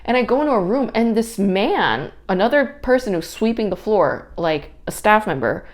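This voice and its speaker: A woman's voice: medium pitch, moderate pace. Profane, ranting woman podcast host. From New York area. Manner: profane, exasperated, animated ranting. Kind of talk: casual storytelling podcast.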